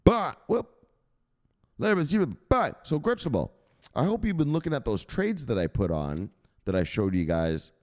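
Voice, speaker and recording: A man hosting a crypto news show as a casual livestream, hyped and profane, shouting out viewers. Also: mid-range voice, very animated, normal speed. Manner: talks straight to viewers, gives shout-outs. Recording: echoey room with long reverb.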